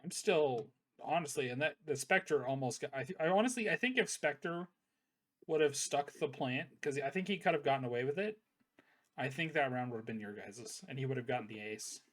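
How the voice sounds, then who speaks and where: A man's voice: medium pitch, brisk. Chatty upbeat male league host. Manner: chatty and upbeat, praising plays. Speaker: league host interviewing players. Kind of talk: casual post-match interview.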